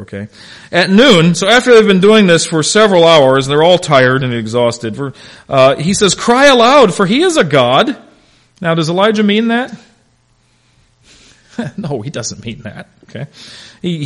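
A man teaching a Bible class in a conversational way, telling stories with animated delivery and calling on class members by name. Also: fairly high pitch.

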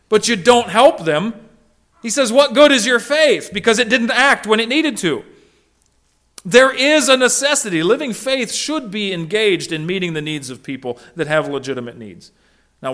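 A middle-aged man preaching a sermon as a pastor, emphatic, with hushed asides and raised voices for quotes. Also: sits high.

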